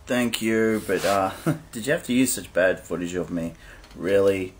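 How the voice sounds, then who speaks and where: An Australian man with a low voice responds as a guest to a review, speaking unhurriedly in a dry, wry way and hesitating often.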